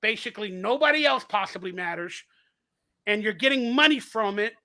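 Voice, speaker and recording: A man speaks in a strikingly high, bright, forceful voice during a casual podcast conversation. He talks in long, rambling, argumentative runs and hammers home each point with emphasis. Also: lively intonation, brisk.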